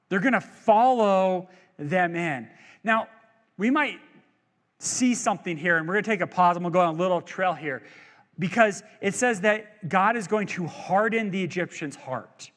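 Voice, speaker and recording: A male pastor delivers a sermon in a church sanctuary, chatty and joking, his high, fairly bright voice leaping up and down with energy and lively intonation at a normal speed. He poses questions to the crowd. Each phrase trails off into a long church-hall reverb.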